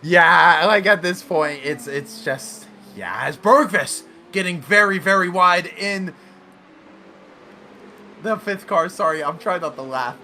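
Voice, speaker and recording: A man commentating a sim racing league event, excitable and often correcting himself mid-sentence. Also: high-pitched, slow pace, slight background noise. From United States. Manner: excitable, self-correcting, laughs along. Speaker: race commentator.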